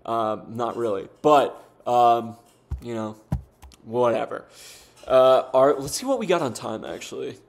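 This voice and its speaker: A man's voice: mid-range voice, a little slow, gravelly. A young American man doing casual gameplay commentary as a streamer, laid-back and profane, talking in bursts with lots of fillers and self-deprecating jokes. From United States. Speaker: gaming streamer.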